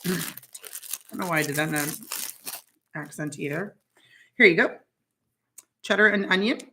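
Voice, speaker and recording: A woman's voice: fairly low pitch, moderate pace, bright, forceful tone, slight background noise, poor audio. A woman hosting a casual home vlog, chatting while she taste-tests snacks and exclaims over the food. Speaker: vlog host.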